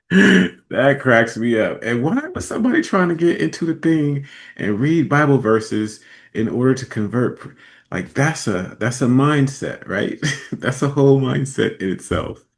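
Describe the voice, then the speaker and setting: A man's voice: mid-range voice, lively intonation, measured pace, vocal fry. A man hosting a podcast, giving casual commentary with laid-back, chuckling asides. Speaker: podcast host.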